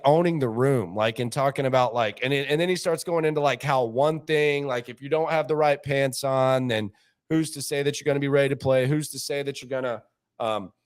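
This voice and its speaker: Animated man telling a story. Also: medium pitch. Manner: animated, mimics people he quotes, repeats words for laughs. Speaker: sports show host. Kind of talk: casual storytelling.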